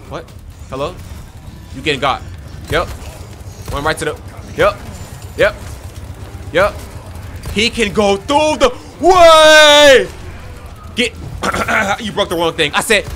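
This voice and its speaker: A young man giving excitable let's play commentary on a horror game, talking to his viewers and yelling at enemies on a desk microphone. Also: a little high. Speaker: gaming youtuber.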